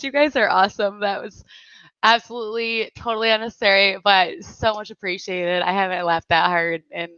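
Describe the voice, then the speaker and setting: A woman's voice: mid-range voice, fairly bright tone, clear, resonant tone, no room sound. A woman hosting a casual livestream chat, laughing often as she reads out viewer messages. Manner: giggly, laughs often while reading chat; slow, unhurried speech. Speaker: livestream host. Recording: dry, slightly dull lo-fi sound.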